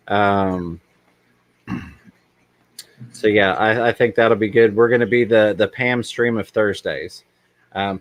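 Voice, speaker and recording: Male stream host, low and dry, chatty and rambling, reads chat out loud. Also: no room sound. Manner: rambling, reads chat aloud, many ums. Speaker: livestream host. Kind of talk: casual livestream chat.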